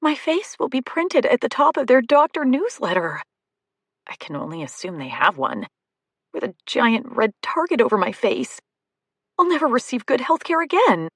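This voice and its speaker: A woman reading a first-person romantic comedy audiobook, expressive and comic in the dialogue. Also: mid-range voice, husky, no room sound, studio quality. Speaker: audiobook narrator.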